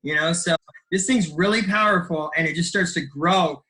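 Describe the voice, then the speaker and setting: A man's voice: on the high side, moderate pace, sharp tone, rough recording. A middle-aged man giving an enthusiastic motivational talk on a group call about his coaching business, rambling with fillers and restarts. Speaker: health coach sharing his story.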